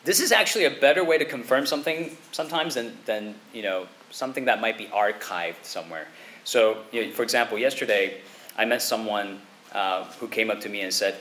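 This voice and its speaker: A man preaching a sermon in a conversational way, often checking in with his listeners with a quick "okay?" or "right?". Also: medium pitch, expressive, sharp tone, a little hiss or hum. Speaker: pastor.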